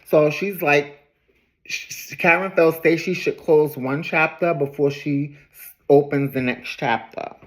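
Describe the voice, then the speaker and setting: A woman's voice: low-pitched, steady tone, a little slow, low-quality recording. Chatty woman recapping a reality show. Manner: chatty, wanders off on tangents, laughs easily. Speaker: TV recap host. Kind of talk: casual episode recap.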